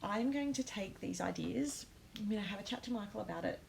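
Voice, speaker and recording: A woman hosting a casual live stream, talking straight to her viewers and reading their comments. Her voice carries a gravelly edge, and she fills her pauses with ums. A faint hum sits in the background. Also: medium pitch, animated, darkish tone, rough recording. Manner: emotional, many ums, talks to comments. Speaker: host of a planner live stream.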